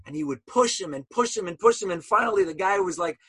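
A man's voice: high voice, expressive, fast, a bit bright, husky. A man teaching a Torah lesson as a sermon, telling stories animatedly and asking rhetorical questions.

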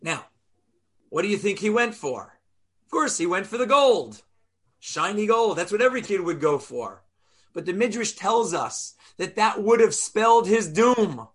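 A man with a fairly high voice teaches a Torah lesson. He is animated, keeps asking his listeners rhetorical questions, and sounds out Hebrew letters aloud to show how they are made. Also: normal speed, slightly rough.

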